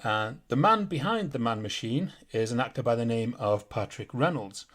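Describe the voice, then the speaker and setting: A man's voice: medium pitch, expressive, normal speed, fairly bright tone. A British man hosting a podcast in casual chat, laughing often and going on grumbling rants. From Britain. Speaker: podcast host.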